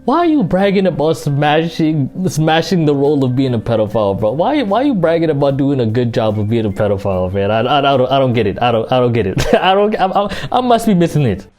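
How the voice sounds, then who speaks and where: A man's voice: medium pitch, very animated, a little fast, few pauses, a little mellow. A man giving mocking reaction commentary on a video clip, incredulous and repetitive, telling the speaker to stop. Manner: incredulous, repeats himself, keeps cutting in with "stop".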